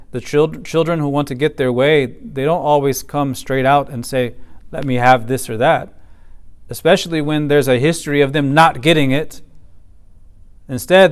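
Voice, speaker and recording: A man giving a class lecture in a somewhat high, smooth and clear voice. He explains methodically, leans on key points and recites Arabic phrases along the way. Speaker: teacher of a Quran commentary class.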